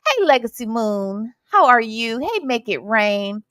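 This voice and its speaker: A woman's voice: a little high, big pitch swings, a little slow, fairly bright tone, no room sound. A woman hosting a casual livestream, sassy and playful, greeting her viewers by name. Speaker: livestream host.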